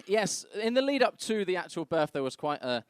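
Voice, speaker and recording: His voice is high, sing-song, clear and resonant, moving at a brisk clip in a dry recording. The young man performs a stand-up set of crude stories, brashly voicing the people in them.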